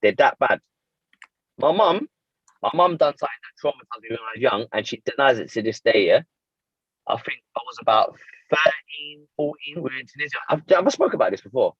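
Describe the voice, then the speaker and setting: A man, co-hosting a casual chat and telling a story with lively, self-mocking slang. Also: mid-range voice, fairly quick, breathy edge, no room sound, highs cut off. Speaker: podcast co-host.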